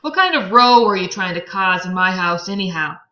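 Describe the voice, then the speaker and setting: A woman voicing an arrogant, contemptuous rich man while reading a novel aloud, loud and incredulous. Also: mid-range voice, expressive, fairly quick, highs cut off. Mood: scornful. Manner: sneering, incredulous, loud outbursts.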